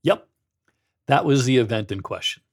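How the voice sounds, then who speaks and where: A middle-aged former pastor hosts a podcast, delivering a sarcastic, mocking monologue and reading quotes aloud with dramatic flair. He speaks at a fairly low pitch and a normal speed.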